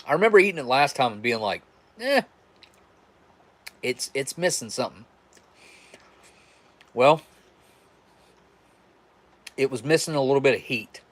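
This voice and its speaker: A man's voice: medium pitch, animated, measured pace, long pauses, a bit bright. A man from West Virginia with a West Virginian accent, chatting casually and rambling with restarts on a live stream. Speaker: livestream host.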